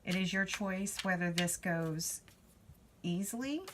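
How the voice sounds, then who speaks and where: A woman's voice: fairly low pitch, slow pace, noisy background. A woman giving a spiritual card reading, talking to the viewer in a chatty, reassuring way. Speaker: tarot reader.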